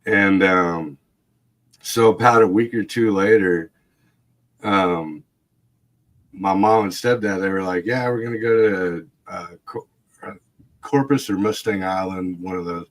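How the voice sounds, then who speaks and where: A man's voice: low voice, measured pace, pauses often. Rambling man telling a story. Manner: rambling, laughing, swearing, acts out voices. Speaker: livestream guest. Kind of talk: casual storytelling.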